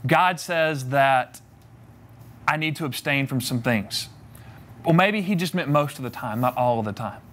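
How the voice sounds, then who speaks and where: A man's voice: medium pitch, a little slow, fairly bright tone. A young man giving a sermon, conversational and humorous, acting out the voices in the story he retells. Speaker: preacher.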